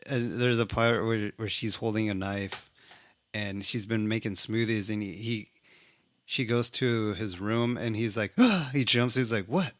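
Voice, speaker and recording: A man's voice: on the low side, fairly even intonation, unhurried, fairly bright tone, no echo. A man casually recapping a film, laid-back and swearing freely. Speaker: movie reviewer. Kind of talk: casual chat.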